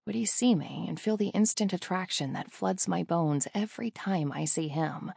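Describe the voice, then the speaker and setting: A woman's voice: on the low side, normal speed, creaky, warm tone, husky, no room sound, clean studio sound. A woman narrating a first-person romance audiobook in an intimate, wistful way.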